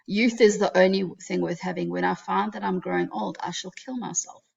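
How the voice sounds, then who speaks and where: Lady reading the part of a sulky vain young guy, gravelly low-ish voice, kinda lo-fi sound. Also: steady tone, a little fast, darkish tone. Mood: petulant. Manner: reading quoted lines aloud with mild emphasis. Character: petulant vain young man. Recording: dull lo-fi recording.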